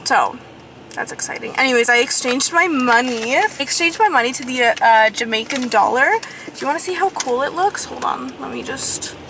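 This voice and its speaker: A young woman vlogging while driving, excitable and chatty, a little sniffly and congested, peppering her talk with "like" and "oh my god". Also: high-pitched, moderate pace, a little hiss or hum. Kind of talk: casual vlog chat. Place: in a car, driving.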